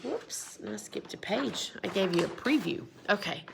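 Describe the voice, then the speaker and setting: A woman teacher, medium-pitched and creaky-voiced, reads a picture book aloud to young children at an unhurried pace, asking them questions as she goes. Her storytime delivery is animated and aimed at kids, with a little hiss or hum in the audio.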